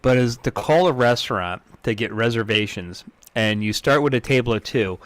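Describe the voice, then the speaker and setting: A man's voice: mid-range voice, normal speed, no room sound. A man co-hosting a comedy show, playing a dopey prank caller who giggles often.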